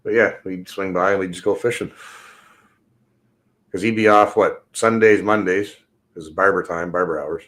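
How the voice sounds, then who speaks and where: A man's voice: low voice, fairly even intonation, moderate pace, long pauses, a bit bright. A man ranting casually and bluntly on a livestream, swearing often and drifting from topic to topic. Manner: profane, rambling and blunt. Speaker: livestream host.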